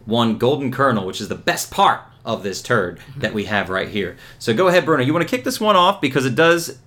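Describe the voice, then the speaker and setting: A man's voice: medium pitch, very animated, brisk, fairly bright tone. A young man co-hosting a comic book podcast, joking around and mimicking characters. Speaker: podcast co-host. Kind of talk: casual comic book review chat.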